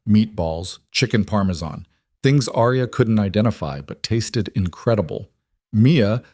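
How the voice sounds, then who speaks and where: A man narrating a romance audiobook in a steady storytelling manner. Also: on the low side, no room sound, clean studio sound.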